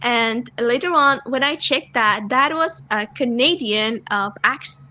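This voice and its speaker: A woman student telling the class a story on a video call, speaking in a chatty, animated way. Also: fairly high pitch, a little slow. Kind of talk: online class discussion.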